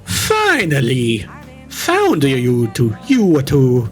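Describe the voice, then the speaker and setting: A man voicing an evil, murderous Mario, a male slasher villain, in a deliberately bad and hammy way. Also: mid-range voice, huge pitch swings, soft background music, heavily acted. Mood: menacing.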